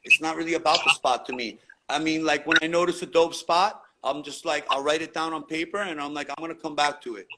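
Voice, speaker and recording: A man's voice: fairly high pitch, steady tone, fairly quick, low-quality recording. A man telling graffiti stories in a casual interview, laid-back and swearing freely in street slang. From New York. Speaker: graffiti writer being interviewed. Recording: loud background noise.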